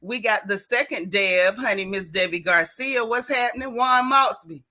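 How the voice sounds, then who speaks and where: A woman hosting a casual livestream chat, animated and folksy, a little out of breath. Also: medium pitch, normal speed, rough recording. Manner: animated, folksy, loud greetings. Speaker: show host greeting live chat.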